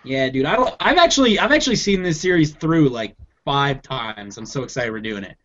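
A man's voice: mid-range voice, lively intonation, fairly quick, fairly bright tone, muffled recording, a little hiss or hum. A man co-hosting a movie podcast in casual chat, laid-back and swearing freely. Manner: laid-back, swears, says dude a lot. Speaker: podcast co-host.

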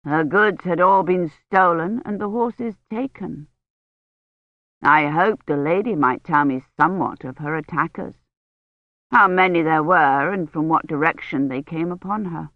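A woman voicing an earnest male knight who speaks slowly, loudly and over-distinctly. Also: low voice, dry recording, lo-fi sound. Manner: slow, loud, overly distinct.

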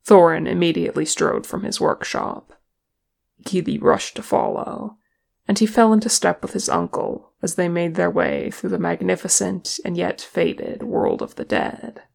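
A reader narrating a fan fiction story in a steady, measured way. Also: mid-range voice, gravelly. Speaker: audiobook reader.

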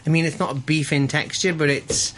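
A man talking as a chef guest in a radio studio, casual and halting, full of fillers and restarts. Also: on the high side, fairly even intonation, fairly bright tone.

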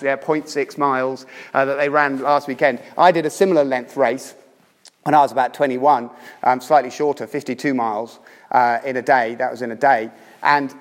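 A man preaching a sermon, telling a story emphatically and swinging between loud urging and hushed tones. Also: medium pitch. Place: church. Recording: reverberant church hall.

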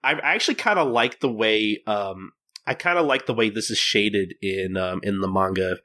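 Male podcast host, casual and halting, bright tone. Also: lowish voice. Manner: hesitant, many fillers and restarts. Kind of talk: casual chat recapping manga.

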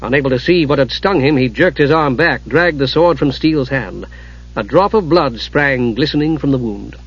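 A man narrating a fantasy audiobook in a steady, dramatic reading, on a dull lo-fi recording. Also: medium pitch, normal speed, breathy edge.

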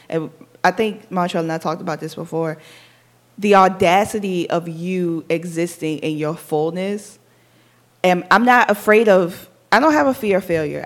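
A woman co-hosting a casual chat, talking candidly and with lots of swearing, animated as she tells stories. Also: on the low side. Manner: candid, profane, animated storytelling. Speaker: podcast co-host.

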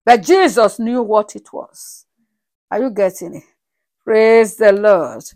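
A woman's voice: medium pitch, slow pace. A woman preaching a sermon, reading Bible verses aloud and asking the congregation again and again whether they are following, with bursts of laughter and praise between verses. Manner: animated, with frequent rhetorical checks on the congregation.

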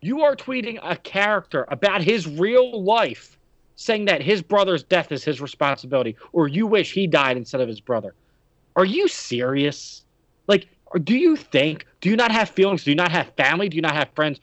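A man's voice: high voice, animated, normal speed, fairly bright tone, dry recording. A man hosting a podcast, ranting indignantly and firing off rhetorical questions. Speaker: podcast host. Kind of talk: heated podcast discussion. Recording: dry, dull lo-fi sound.

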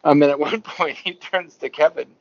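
A man's voice: fairly high pitch, normal speed, dull audio. A man co-hosting a podcast, telling a rambling anecdote in casual chat. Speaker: podcast co-host.

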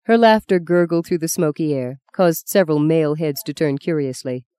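An audiobook narrator reading a novel in a measured, even storytelling manner. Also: mid-range voice, clear, resonant tone, no echo.

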